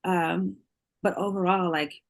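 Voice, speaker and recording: A middle-aged woman with a fairly low voice talks openly and with feeling as an interview guest. She often repeats her words and breaks into laughter, and her speech runs candid and heartfelt. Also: fairly even intonation, slow pace, gravelly.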